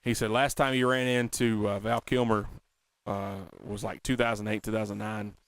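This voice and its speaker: A man co-hosting a casual talk show, animated and chatty, often slipping into quoted movie lines. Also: on the low side, normal speed, smooth, dry recording. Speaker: podcast co-host. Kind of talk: casual chat.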